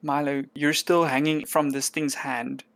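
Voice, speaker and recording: A man running a tabletop game as game master, narrating in a relaxed way and often chuckling. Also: fairly high pitch, a little slow, creaky, no echo.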